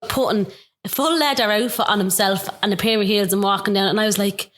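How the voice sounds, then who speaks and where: A woman hosting a podcast, asking gentle, probing questions in a casual chat. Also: mid-range voice, a little fast. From Ireland. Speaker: podcast host.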